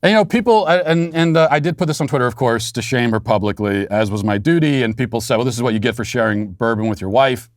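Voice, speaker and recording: A man's voice: mid-range voice, fast, hardly any pauses, no room sound, studio quality. A man hosting a podcast, telling a story in a sardonic, mock-outraged way. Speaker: podcast host. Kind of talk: casual monologue.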